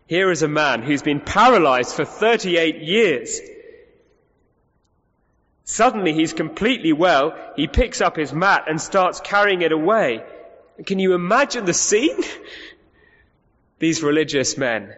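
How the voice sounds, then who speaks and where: A man's voice: a little high, animated, unhurried, pauses often, fairly bright tone. A male preacher delivering an emphatic sermon, asking the congregation rhetorical questions and often restarting his sentences. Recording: reverberant hall, muffled sound.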